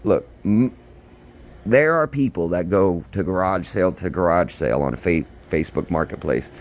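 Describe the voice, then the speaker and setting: A man's voice: low-pitched, lively intonation, moderate pace. A young man rambling defensively in a long monologue, recorded on his own phone. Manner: defensive, rambling, getting louder. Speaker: son recording a garage sale dispute. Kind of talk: ranting monologue to camera. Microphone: phone recording himself.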